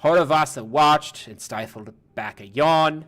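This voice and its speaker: A man's voice: a little high, big pitch swings, moderate pace, fairly bright tone. A man reading a game book aloud on a stream, casually, swearing and stumbling over words now and then. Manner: irreverent, swears, stumbles and restarts while reading.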